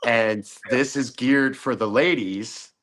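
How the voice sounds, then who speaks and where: A man's voice: mid-range voice, slow, a bit bright. A middle-aged man, a podcast guest, telling a story in casual, profane chat and acting out the voices of the people in it.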